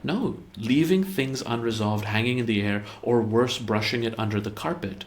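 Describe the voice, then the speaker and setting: This man speaks in a mid-range voice at a moderate speed. As the head of a therapy practice, he walks through how couples communicate in a chatty style, often stumbling on repeated words and acting out example exchanges.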